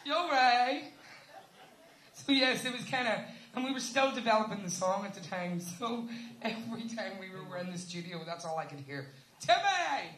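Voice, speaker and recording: A woman's voice: mid-range voice, normal speed, fairly bright tone, a little hiss or hum. A woman fronting a band, chatting and joking with the audience between songs at a live gig in a village hall. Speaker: band singer talking to the audience. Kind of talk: live stage banter.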